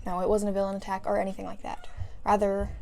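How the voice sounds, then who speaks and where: A woman's voice: medium pitch, completely flat delivery, quick pace, creaky, a little mellow, slight background noise. A woman casually reading a fan story aloud, who often giggles and breaks off to restart a line. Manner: giggles through lines, stumbles and restarts. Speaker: fan fiction reader.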